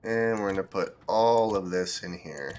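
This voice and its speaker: A man streaming a building game, thinking aloud in relaxed commentary as he sorts items and plans what to build. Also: low-pitched, unhurried. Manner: thinks aloud, with fillers and restarts. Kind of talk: casual gameplay commentary.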